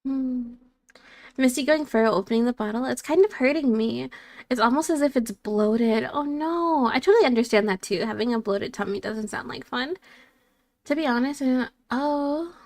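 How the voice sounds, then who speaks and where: A woman's voice: sits high, moderate pace. A woman VTuber streamer chatting casually and reading her chat aloud in a bubbly, playful way.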